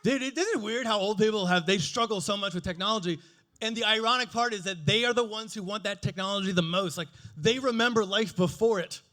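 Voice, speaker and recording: A man's voice: high-pitched, a little fast, pushed and bright. A man in his forties doing a stand-up comedy set, crude, playful and self-mocking as he riffs with the audience. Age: 40s.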